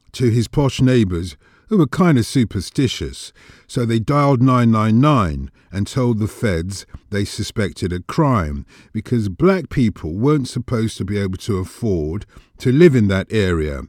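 A man's voice: lowish voice, darkish tone, dry recording, studio quality. A man hosting a podcast, narrating in rhythmic, rhyming spoken word. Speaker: podcast host.

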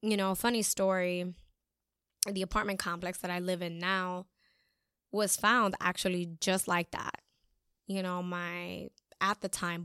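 A woman's voice: on the low side, a bit bright, clear, resonant tone, no echo, clean studio sound. A young woman talking casually, telling a personal story with lots of fillers and acted-out quotes. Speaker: speaker sharing a life lesson. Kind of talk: casual reflective monologue.

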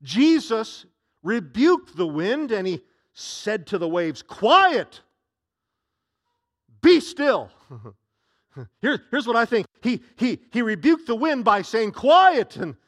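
A man preaching a sermon as a pastor, animated and dramatic, swinging from loud outbursts to hushed tones. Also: high voice, unhurried.

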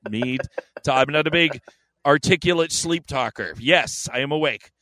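A man's voice: medium pitch, a little slow, bright, forceful tone, no echo. A man co-hosting a podcast, telling a story in a rambling, profane, joking way. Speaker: podcast co-host. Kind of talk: casual chat.

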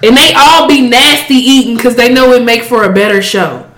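A woman co-hosting a podcast, talking in blunt, animated casual chat with plenty of cursing. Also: fairly high pitch, normal speed. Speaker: podcast co-host. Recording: roomy echo.

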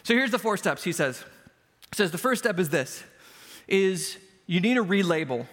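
In a church sanctuary with long hall reverb, a man preaches as pastor in a high, fairly bright voice with big pitch swings at normal speed. His sermon is conversational and self-deprecating, built on everyday stories that drive his points.

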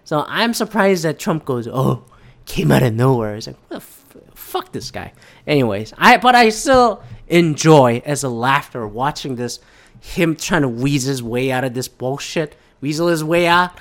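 A young man vents in a blunt, heavily profane rant, his voice often leaping up in pitch when riled and then dropping low and muttered. He restarts his sentences often and talks in a loose, off-the-cuff way. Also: moderate pace. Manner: blunt, sweary, excitable, with frequent restarts. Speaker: commentator.

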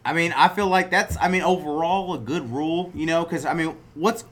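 A man hosting a loose chat with friends, joking and swearing freely. His voice is bright and forceful. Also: a little high, a little fast. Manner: loose, profane, joking banter. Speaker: podcast host. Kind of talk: casual chat.

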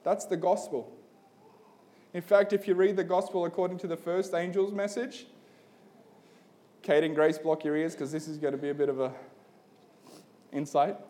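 A young man with a fairly high voice delivers a sermon in an easygoing, chatty way. His talk is full of "like" and "man". He tells a story plainly and then presses an earnest call to commitment. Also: fairly even intonation, moderate pace, long pauses, dark tone. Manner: casual and storytelling, peppered with "like" and "man"; builds to an urgent appeal. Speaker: pastor. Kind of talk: conversational sermon.

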